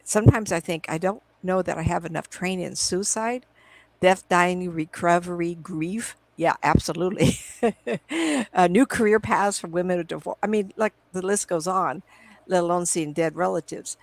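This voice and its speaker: A middle-aged psychic medium talks from home on a video call through her computer mic, in a fairly low, creaky voice at normal speed. The recording is rough but without echo. In this casual interview she rambles through long stories, acting out conversations from her past.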